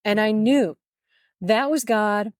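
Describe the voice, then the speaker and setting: A woman guest on a podcast, telling her story in an animated, humorous and emotional way. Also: mid-range voice, slow pace, dry recording, clean studio sound. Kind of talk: storytelling testimony.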